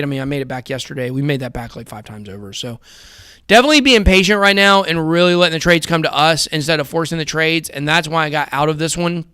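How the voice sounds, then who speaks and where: Man, 30s, casual chart commentary, rambling, talks to viewers, slightly high voice, dry close sound. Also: fairly bright tone, clear, resonant tone, no room sound. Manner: rambling, conversational, addresses viewers as guys. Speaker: crypto trading show host.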